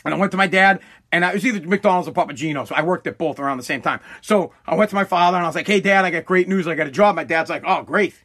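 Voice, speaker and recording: A man's voice: high voice, racing, a bit bright. A man telling a casual story bluntly, full of swearing and restarts. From Massachusetts.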